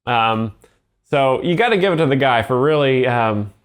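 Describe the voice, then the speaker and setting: A man giving deadpan, mock-earnest commentary on stand-up clips, halting with fillers as he explains the jokes. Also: mid-range voice, heavy background noise. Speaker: comedy video host explaining jokes.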